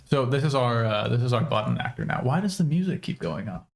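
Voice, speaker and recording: A man's voice: medium pitch, very animated, fast talker, gravelly, slight background noise. A young American man casually thinking aloud while programming on a livestream, with many fillers. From United States. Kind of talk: casual live coding commentary.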